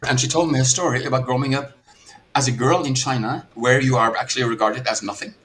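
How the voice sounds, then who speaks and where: A man's voice: mid-range voice, fairly even intonation, fast, a bit bright. Earnest Norwegian man coaching. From Norway. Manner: earnest, repeats words when starting thoughts. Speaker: business coach. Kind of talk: podcast conversation.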